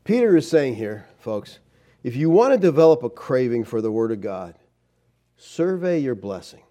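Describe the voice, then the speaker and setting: Animated preacher with a mellow voice. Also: male voice, medium pitch, moderate pace. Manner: animated storytelling, swings from loud emphasis to quiet asides. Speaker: pastor. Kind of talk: sermon.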